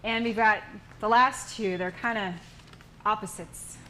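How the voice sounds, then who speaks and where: A woman's voice: medium pitch, fairly even intonation, a little slow, sharp tone, a little hiss or hum, poor audio. A woman with an American accent teaching a small language workshop, patiently explaining sounds step by step. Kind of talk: teaching a class. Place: indoor workshop room.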